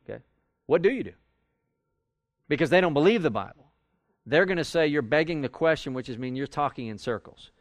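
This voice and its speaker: A man's voice: fairly high pitch, expressive, brisk, pauses often, dry recording. A man teaching a Bible study class in a conversational way, acting out quoted arguments as he goes. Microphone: recorded for audio with a live class.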